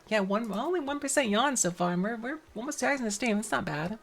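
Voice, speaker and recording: Lady streamer talking over her game, swears a bit, pitch jumps around a lot. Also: animated, fast, few pauses. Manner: chatty, swears casually, laughs loudly. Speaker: live streamer playing a game. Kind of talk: casual live-stream commentary, reading game dialogue aloud.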